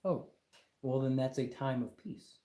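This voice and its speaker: A man's voice: mid-range voice, unhurried, dark tone, reverberant. A man hosting a casual livestream, talking in an emphatic, exasperated rant with lots of repetition. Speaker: livestream host.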